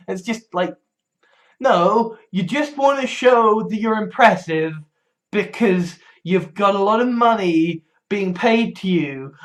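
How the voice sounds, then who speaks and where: Rambling man, high voice. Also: a bit bright. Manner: rambling, stumbling restarts, frequent swearing; wry, laughs often. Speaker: vlogger. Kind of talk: casual rambling monologue.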